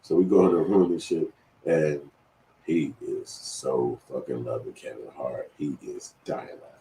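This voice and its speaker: A middle-aged man with a very low voice tells a story in a loose, profane, rambling way, often starting a sentence over. He sounds roomy and a little distant from the mic, with faint ambience behind him. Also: steady tone, unhurried, creaky, background noise. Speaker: commenter telling a personal story. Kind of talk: casual storytelling.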